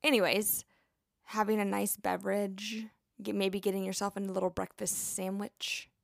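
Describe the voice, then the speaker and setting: A woman's voice: medium pitch, little pitch movement, normal speed, gravelly, no echo, clean studio sound. A young woman hosting a podcast, a nurse chatting casually with a rambling, playful manner and lots of asides. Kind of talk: casual chat.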